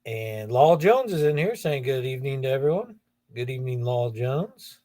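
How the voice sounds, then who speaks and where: A man's voice: medium pitch, animated, moderate pace, dark tone, no room sound. A middle-aged man from Ohio hosting a casual livestream, reading viewer comments aloud and joking with them by name. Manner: chatty, jokey, greets viewers by name. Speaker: livestream host.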